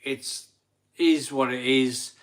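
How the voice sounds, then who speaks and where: A man hosts a live stream in a relaxed, chatty way. He is a few beers in and worn out, so he talks slowly, rambles and repeats himself. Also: medium pitch. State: tired. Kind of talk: casual live chat reading super chats.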